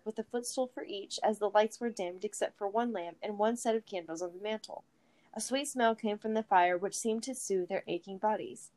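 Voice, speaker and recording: Relaxed woman reading a story aloud. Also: medium pitch. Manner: relaxed, chatty asides, yawning. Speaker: reader. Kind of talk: casual read-aloud of a story.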